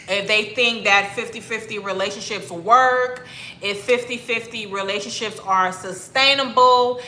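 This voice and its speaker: Woman livestream host from miami, slow drawn-out chat, bright voice, echoey room. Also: a little high, slight background noise. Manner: chatty, drawn-out, greets viewers by name. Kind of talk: casual livestream chat reading comments.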